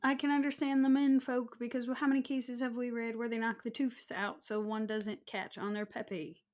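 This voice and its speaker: A woman's voice: on the high side, flat delivery, moderate pace. A woman co-hosting a true crime podcast, teasing her partner with folksy wisecracks. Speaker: podcast co-host.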